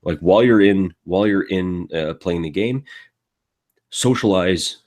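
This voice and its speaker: A man's voice: low-pitched, measured pace, a little mellow. A tired man on a live panel, talking casually in a rambling way with many fillers and restarts.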